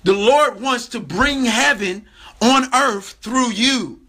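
A man's voice: very high-pitched, slow pace, pushed and bright. A man preaching a livestream sermon with a fervent, repetitive cadence.

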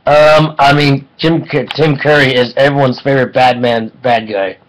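A man giving a casual online film review, excitable and rambling, with jokes between points. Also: medium pitch, moderate pace, low-quality recording.

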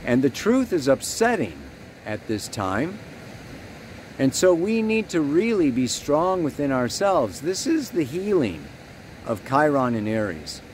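A man's voice: a little high, big pitch swings, unhurried, a little mellow, a little hiss or hum. A man giving a rambling, earnest spiritual astrology talk, leaning hard on key words.

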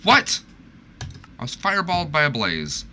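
A young man narrating his own gameplay in a lowish voice, moving between nervous muttering and yelps of alarm. He jokes at his own expense and talks straight to the creatures. The home recording carries clear background noise and keyboard typing. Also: lively intonation, unhurried, sharp tone. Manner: panicky, self-mocking, talks to the game. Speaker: gaming streamer. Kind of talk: live gameplay commentary.

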